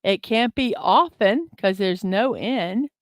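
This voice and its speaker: A woman's voice: medium pitch, expressive, slow, no echo, studio quality. A woman hosting a casual morning livestream, thinking aloud over a word puzzle, with many ums and uhs, and reading viewer comments aloud. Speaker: host of a daily morning livestream. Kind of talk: casual chat while playing a word puzzle. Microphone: desk microphone.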